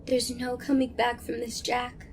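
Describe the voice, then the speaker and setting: A man voicing a hateful young woman in a dramatized horror story, speaking slowly with flat disdain. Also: very high-pitched, slight background noise, pitched above the performer's own voice. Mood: disdainful.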